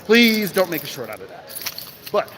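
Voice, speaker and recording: Man livestreaming on a phone, lively rising and falling voice, slightly high, faint hiss, keys jangling behind. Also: moderate pace. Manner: animated, talks to chat viewers, asks rhetorical questions. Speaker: crypto livestream host. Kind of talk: casual livestream chat. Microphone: phone in hand.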